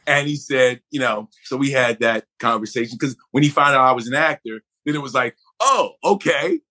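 Male guest actor, middle-aged, from Buffalo; lively anecdotal storyteller who slips into impressions. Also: medium pitch, fairly quick. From Buffalo, New York. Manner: animated, acts out others' voices in anecdotes. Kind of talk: conversational storytelling.

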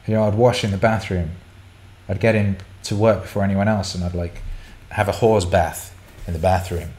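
A man's voice: deep voice, steady tone, normal speed, a little mellow. A middle-aged man hosting a casual chat show, answering listener questions in a candid, rambling storytelling way with repeated words.

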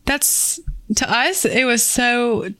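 A woman of twenty co-hosting a podcast, telling stories in a lively chatty way. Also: fairly high pitch, slow, dry recording. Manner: animated storytelling with frequent laughs. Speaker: podcast co-host. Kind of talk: casual chat.

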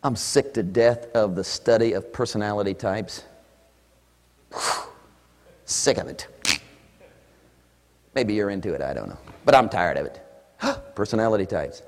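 A man preaching a sermon with animation. He swings between hushed asides and shouts, and he playfully acts out imagined listeners. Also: fairly low pitch, lively intonation, normal speed, in a large hall.

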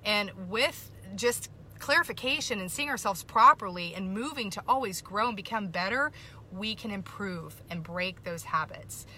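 A woman's voice: mid-range voice, animated, normal speed, pushed and bright. A middle-aged woman hosting a podcast, talking casually and emphatically to her listeners and repeating her key points. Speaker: podcast host.

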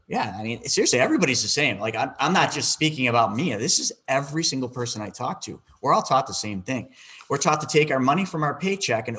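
A man's voice: mid-range voice, fast talker, breathy edge. A man, a financial advisor, answering an interview question by telling a story and acting out the dialogue. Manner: animated, acts out quoted dialogue.

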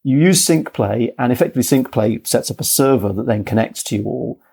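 A man's voice: mid-range voice, fairly quick, vocal fry, darkish tone, breathy edge. A man co-hosting a podcast, enthusiastically explaining things in casual chat. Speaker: podcast co-host.

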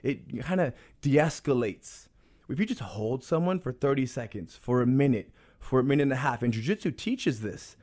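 A man's voice: mid-range voice, lively intonation, moderate pace, a little mellow. A man guest on an interview podcast, a jiu-jitsu instructor, talking in an earnest, explanatory way and repeating phrases for emphasis.

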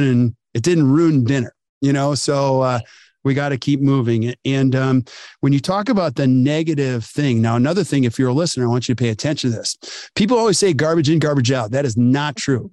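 Lively man hosting, bone-dry sound. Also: mid-range voice, no echo. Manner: animated storyteller, acts out quotes. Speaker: podcast host. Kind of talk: conversational podcast interview.

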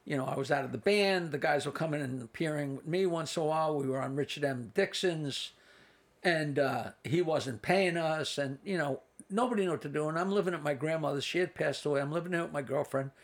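Gravelly comedian in his sixties. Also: on the high side, fairly quick. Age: 60s. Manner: rambling anecdotes with asides and restarts. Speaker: comedian guest. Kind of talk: storytelling in a casual interview.

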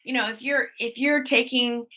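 Female interview guest with a fairly high, bright voice. She speaks candidly and reflectively and acts out her own thoughts. Dull lo-fi audio. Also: steady tone, normal speed, a little hiss or hum.

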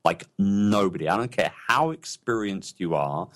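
Low-voiced chatty man. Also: expressive, moderate pace. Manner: chatty, enthusiastic, repeats words when starting sentences. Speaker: podcast guest, entrepreneur. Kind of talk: casual interview talk.

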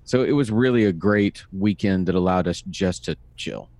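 A man's voice: low voice, normal speed, a little mellow. A man in his fifties, co-hosting a podcast from home, telling stories in a wry, dry casual chat. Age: 50s. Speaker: podcast co-host. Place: home recording room.

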